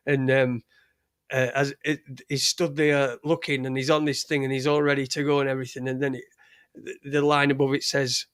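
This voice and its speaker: A man's voice: fairly high pitch, level tone, moderate pace, no echo, studio quality. A man hosting a live show, talking in a profane, rambling way, full of restarts and trailing thoughts. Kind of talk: casual live-stream rant.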